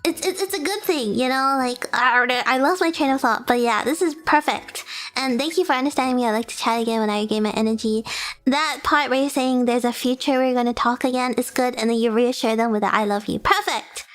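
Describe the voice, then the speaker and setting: Bubbly high-voiced young woman streamer. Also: brisk, fairly bright tone. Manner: bubbly, giggly, gushing with praise. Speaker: VTuber streamer. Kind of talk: casual livestream chat reading submissions.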